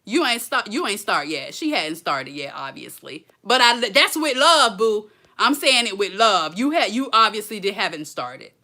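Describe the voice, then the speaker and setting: A woman coaching viewers on a live stream, energetic and preachy, full of slang and laughter, talking into her phone. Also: medium pitch, normal speed. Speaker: blogging coach hosting a live Q&A. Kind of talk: casual live-stream talk. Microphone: phone held close.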